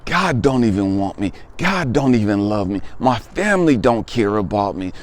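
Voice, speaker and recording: A man's voice: on the low side, big pitch swings, moderate pace. A man in his fifties, a spiritual life coach, sharing a personal testimony in an emphatic, conversational way and repeating phrases for weight.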